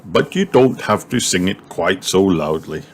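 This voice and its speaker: A man's voice: deep voice, expressive, measured pace, background noise. A man voicing a jolly, easily flustered father pig who chuckles and huffs, for a storybook read-aloud. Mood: huffy. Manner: chuckling, mildly huffy.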